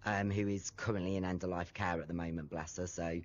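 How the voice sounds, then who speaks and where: A man's voice: low voice, steady tone, fairly quick, lo-fi sound, slight background noise. A British man chatting frankly and casually as an interview guest over an online call. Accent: British English. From Britain. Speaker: interview guest, content creator.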